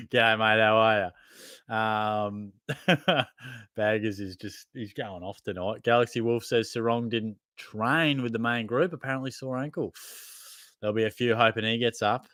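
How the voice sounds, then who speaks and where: Brief: young Australian male host, low voice, dry close sound, jokey and blunt. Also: steady tone, unhurried, fairly bright tone, no echo. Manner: banters, reads viewer comments aloud, swears and laughs. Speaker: podcast host. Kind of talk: casual live Q&A chat.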